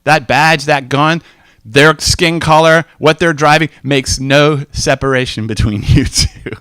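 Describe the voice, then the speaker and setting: A man's voice: on the high side, measured pace, a bit bright, clear, resonant tone, dry recording, clean studio sound. A man giving a sermon-style talk, telling stories animatedly and acting out dialogue with emphatic repetition. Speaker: speaker.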